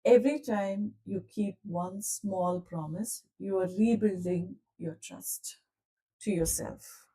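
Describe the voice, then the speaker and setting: A woman leading a live online coaching session, speaking gently and calmly and asking her listeners questions directly. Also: medium pitch, slow, recorded from a distance, rough recording. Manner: gentle, calm, soothing delivery. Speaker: self-development coach.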